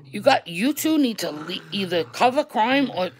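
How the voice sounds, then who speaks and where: A woman with a New York accent ranting on a livestream to her viewers, loud and blunt, repeating herself for emphasis and swearing. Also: medium pitch, expressive, normal speed, slight background noise, rough recording. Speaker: online creator.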